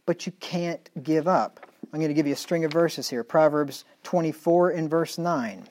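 A middle-aged male pastor preaching a sermon emphatically, reading scripture slowly and dropping into quiet asides. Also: a little high. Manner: emphatic preaching, reads scripture in slow measured tones, drops to quiet asides.

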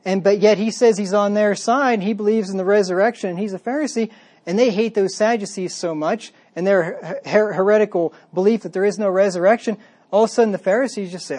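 A man's voice: high-pitched, a little mellow. Man preaching a conversational Bible sermon. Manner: conversational, emphatic, reads scripture aloud then retells it in plain words.

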